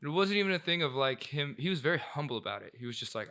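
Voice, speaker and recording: A man's voice: fairly high pitch, sing-song, fast, pushed and bright. A young man co-hosting a casual podcast, reflecting earnestly on his friends and quoting what they said. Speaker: podcast co-host. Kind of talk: casual chat.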